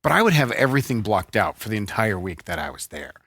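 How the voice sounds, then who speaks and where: A man's voice: lowish voice, big pitch swings, quick pace, a bit bright, no room sound. A man co-hosting a podcast in casual chat, teasing and joking with his partner. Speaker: podcast co-host.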